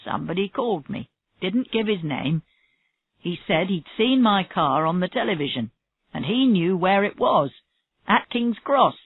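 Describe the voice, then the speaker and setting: A woman reading the part of a defensive male murder suspect in a story, in a plain, slow voice. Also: on the low side, animated, husky, no echo, heavily acted. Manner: stubborn denials, rising to angry shouts. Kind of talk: reading a graded story aloud. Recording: tinny phone-like audio, dry.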